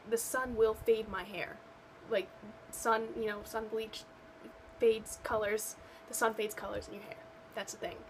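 A young vlogger rants to camera in a slightly high voice, exasperated and sarcastic, rambling with plenty of fillers. The recording is rough, with slight background noise.

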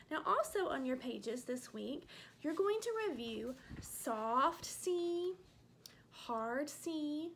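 A woman teaching a remote phonics lesson to first graders, slowly sounding out letters and vowel sounds. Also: sits high, fairly bright tone, a little hiss or hum. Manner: slow, clearly sounding out letters for small kids.

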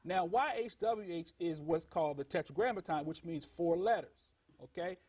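A man with a fairly high, husky voice teaches with strong emphasis, slowing down and leaning on key words. He urges his listeners to think and look things up. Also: darkish tone. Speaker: guest teacher. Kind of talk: religious teaching in conversation.

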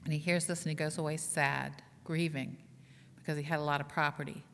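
A woman's voice: deep voice, flat delivery, a little fast, a bit bright, in a large hall, slight background noise. A woman pastor delivering a conversational sermon, asking the congregation questions and joking at her own expense. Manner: conversational, asks the congregation questions, self-deprecating humor. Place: church sanctuary.

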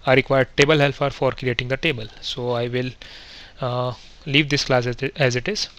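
Guy doing a screen-recorded coding lesson, bright tense voice, lots of uh and restarts, step by step. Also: medium pitch, steady tone, moderate pace. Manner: methodical step-by-step, frequent fillers and self-corrections. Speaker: software testing instructor.

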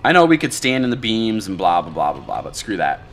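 A man casually commentating his own gameplay, thinking aloud in a relaxed way about plans and strategy. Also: fairly low pitch, a little fast, slight background noise.

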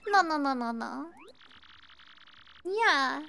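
A woman streamer chatting casually with viewers while she plays a game, bubbly and quick to giggle. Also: sits high. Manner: bubbly, giggly, easily excited. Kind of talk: casual gameplay chat.

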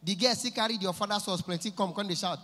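Bright-voiced Nigerian comedian in a hall. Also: male voice, high voice, fast talker. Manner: animated, switches between voices for characters, bursts into shouts. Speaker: stand-up comedian. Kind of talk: stand-up comedy set in Pidgin English. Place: large live venue with audience. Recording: echoey hall from a live show.

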